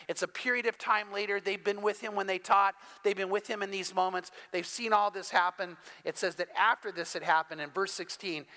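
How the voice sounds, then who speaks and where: A high-pitched man preaches an evening sermon as pastor, retelling scripture in a lively storytelling manner. He builds from quiet to loud, turning emphatic at the key moments.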